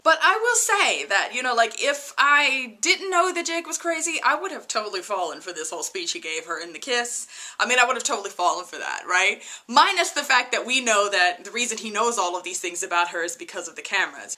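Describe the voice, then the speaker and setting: A woman's voice: a little high, pushed and bright. A woman chatting casually to her viewers while reviewing a TV episode, often laughing and saying "you guys". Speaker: TV review vlogger.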